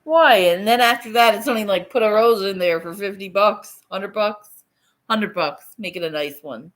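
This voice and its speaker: A woman's voice: medium pitch, normal speed, fairly bright tone. A middle-aged woman hosting a casual livestream from her phone, rambling, swearing casually and laughing often. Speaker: livestream host.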